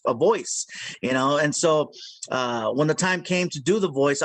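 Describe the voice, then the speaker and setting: A man, a comedian and voice actor, telling stories in a casual video-call interview in an animated, playful way. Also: on the high side, no echo. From Mexican heritage. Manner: animated, playful storyteller who slips into character voices.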